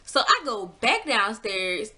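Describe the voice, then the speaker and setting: A young woman in her twenties telling a storytime to camera, casual and blunt, acting out her own past lines with big swings in pitch. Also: very animated, takes it slowly, bright, forceful tone. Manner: blunt, swears freely. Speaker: vlogger.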